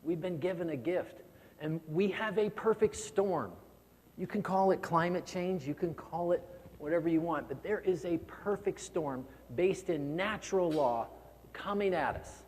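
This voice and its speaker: A man's voice: high voice, measured pace, darkish tone, a little hiss or hum. A man giving a motivational keynote speech, earnest and prone to repeating words when stirred. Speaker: keynote speaker. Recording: long hall reverb.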